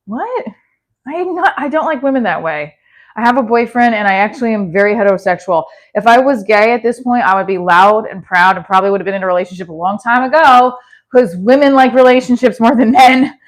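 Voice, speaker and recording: A woman's voice: on the high side, fast. A chatty woman hosts a casual livestream, reading comments aloud and replying off the cuff. Her talk rambles, full of restarts and self-deprecating asides. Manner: chatty, self-deprecating, answers chat mid-sentence with restarts. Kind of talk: rambling casual live chat.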